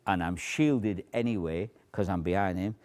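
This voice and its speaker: A man teaching a stage routine, explaining how he cues volunteers and dropping to a hushed near-whisper to demonstrate. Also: low-pitched, moderate pace. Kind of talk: demonstration lecture.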